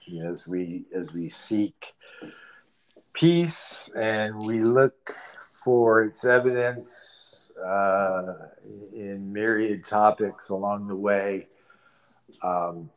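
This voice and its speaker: A man with a very low voice speaks slowly and with care. He sounds earnest as he closes out a conversation on a podcast. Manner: earnest, slow and deliberate. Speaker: podcast co-host. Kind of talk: casual conversation.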